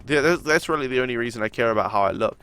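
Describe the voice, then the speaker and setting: A man's voice: mid-range voice, animated, very fast, sharp tone, smooth, faint music behind. A young man with a nasal voice and a sore throat, chatting casually as he streams a game and answers his viewers. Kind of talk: casual chat during a live game stream.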